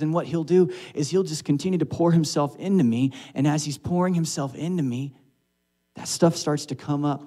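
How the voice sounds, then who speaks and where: A man's voice: a little high, darkish tone. Conversational male preacher. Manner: conversational, asks the congregation rhetorical questions. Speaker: pastor. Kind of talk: sermon. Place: church sanctuary.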